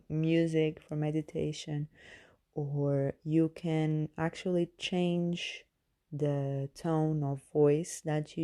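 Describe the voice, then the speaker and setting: A woman's voice: low voice, warm tone. A woman who is not a native English speaker hosts a podcast as a coach, talking through meditation tips with many fillers and restarts. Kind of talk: casual self-help monologue.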